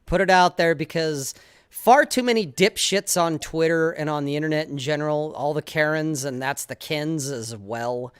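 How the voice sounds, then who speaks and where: A man's voice: fairly high pitch, moderate pace, clean tone, no echo, clean studio sound. A man, the guest writer on a podcast, talking casually in a profane, emphatic, ranting way. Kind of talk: casual chat.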